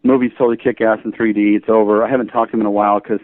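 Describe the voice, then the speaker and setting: A man guest telling a casual anecdote in an animated way, acting out both sides of the conversation. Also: on the low side, very fast, dry recording. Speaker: guest, shooting instructor. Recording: dry, tinny phone-like audio.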